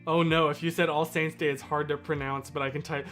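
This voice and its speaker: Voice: mid-range voice, level tone, a little fast, fairly bright tone, faint music behind. A live streamer telling a story in casual, rambling chat, often stopping to correct themself and talk to viewers.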